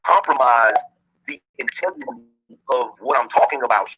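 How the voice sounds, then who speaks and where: A man's voice: medium pitch, normal speed, sharp tone, husky, poor audio. A man in a casual discussion, speaking bluntly and with profanity, often checking "you feel me?". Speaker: guest on a discussion show.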